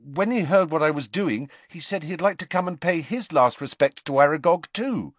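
A man voicing a calm, tactful teenage schoolboy in a gentle, reassuring way. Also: on the high side, normal speed, no echo, pitched above the performer's own voice.

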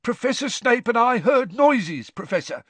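A man voicing a fussy old male caretaker who talks in a plaintive, high, pleading way. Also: big pitch swings, normal speed, fairly bright tone, breathy edge, dry recording, heavily acted.

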